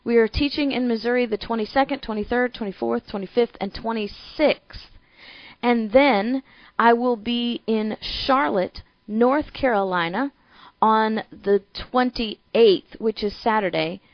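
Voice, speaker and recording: Chatty, energetic female talk host, Midwestern American accent, dry and slightly muffled recording. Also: on the high side, unhurried, dry recording. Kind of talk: political talk show monologue.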